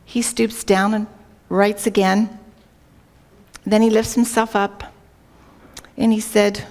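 A woman's voice: mid-range voice, flat delivery, takes it slowly, long pauses, darkish tone. A woman speaking earnestly to a women's group, telling a story and reading scripture, often turning to her listeners with questions. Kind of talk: devotional talk with anecdote and scripture reading. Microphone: wearing a worn microphone.

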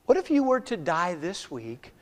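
A high-pitched male pastor preaches in a church, pressing his listeners with question after question. He rises to loud urging, then drops to a near hush. The sound rings with a long hall reverb. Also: huge pitch swings, normal speed. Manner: rhetorical questions, swings from loud urging to hushed. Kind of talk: sermon.

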